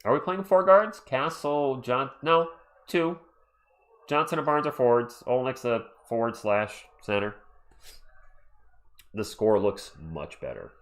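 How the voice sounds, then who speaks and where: A man hosting a casual livestream from home and calling a basketball game play by play. He chats excitably, breaking off to read out messages from chat, with his voice close on a desktop microphone. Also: medium pitch, measured pace, pauses often. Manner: chatty, excitable, reads chat aloud. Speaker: livestream host. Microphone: USB desktop microphone.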